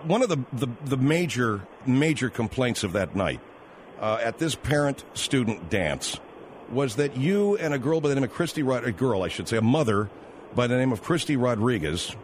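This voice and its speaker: A man's voice: medium pitch, sing-song, slight background noise. A man hosting a comedic talk radio show, combative and incredulous, reeling off the call-in number. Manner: combative, incredulous, rapid-fire call-in plugs.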